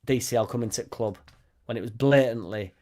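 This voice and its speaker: A man's voice: medium pitch, brisk, a little mellow. Sweary man ranting. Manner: blunt, sweary, rambling. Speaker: football fan channel host. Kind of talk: casual live-stream chat.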